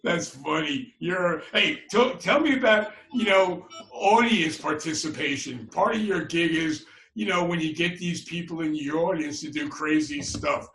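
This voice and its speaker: A man's voice: a little high, expressive, a little slow, few pauses, fairly bright tone. A man hosting a podcast interview, asking direct, upbeat questions. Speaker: podcast host. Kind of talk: casual interview. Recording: roomy echo.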